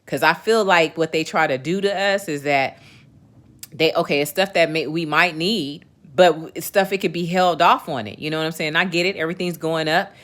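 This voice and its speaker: A woman's voice: low voice, fairly quick, a bit bright. A woman in her forties hosts a casual livestream and vents to her viewers. She is candid and emphatic, swears freely, and keeps checking in with the chat as she talks. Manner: talks straight to viewers, often asks "you know what I'm saying". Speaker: livestream host.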